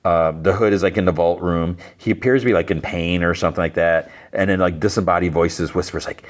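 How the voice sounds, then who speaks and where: A man with a low, deep voice rambles through a TV episode recap, loose and full of fillers. He talks like a podcast host chatting with listeners. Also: fairly even intonation, brisk, hardly any pauses. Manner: rambling, filler-heavy retelling of scenes.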